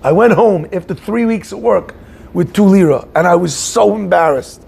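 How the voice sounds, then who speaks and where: A man giving an animated storytelling sermon, acting out the people in his story. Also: high-pitched, normal speed, vocal fry, slightly rough. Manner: animated storyteller, acts out shouting voices. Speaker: rabbi giving a talk.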